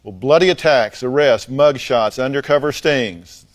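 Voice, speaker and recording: Male talk show host, mid-pitched, blunt and probing, dry wit. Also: a little slow, soft background music. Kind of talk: confrontational talk show questioning.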